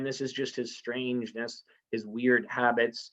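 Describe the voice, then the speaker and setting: This recorded literature lecture comes from a man teaching informally and frequently asking "right?" to check on his listeners. He speaks at a measured pace with hardly any pauses, in a level, medium-pitched, fairly bright voice, on a slightly muffled lo-fi recording.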